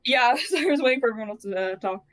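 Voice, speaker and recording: A woman's voice: fairly high pitch, expressive, rapid-fire, a bit bright, dry recording, low-quality recording. A woman playing a tabletop game, talking playfully as she describes and speaks for her character. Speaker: player.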